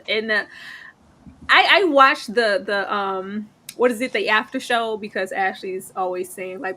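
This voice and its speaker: A woman co-hosting a casual TV recap discussion, animated and laughing, jumping high in pitch when she quotes the characters. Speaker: podcast co-host.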